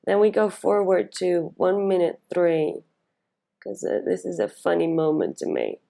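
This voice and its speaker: Woman, speaking coach, video commentary, lowish voice, gravelly fry, chatty, fillers and restarts. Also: fairly even intonation, measured pace, mellow. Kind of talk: video commentary analysing a speech.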